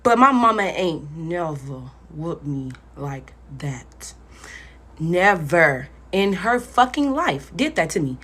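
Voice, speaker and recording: A woman's voice: fairly low pitch, very animated, slow pace, a bit bright, husky. A young woman telling a personal story in a casual storytime vlog, blunt and profane, talking straight to her viewers.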